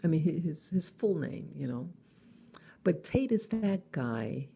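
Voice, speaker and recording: A middle-aged woman talking in a halting, casual vlog monologue in her early-morning voice, with many restarts. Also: deep voice, expressive, gravelly, mellow, a little hiss or hum. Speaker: vlogger.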